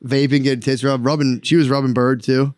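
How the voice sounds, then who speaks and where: A man co-hosting a casual podcast chat, telling stories in an animated, profane way and acting out other people's lines. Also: medium pitch, fairly quick, dry recording. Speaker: podcast co-host.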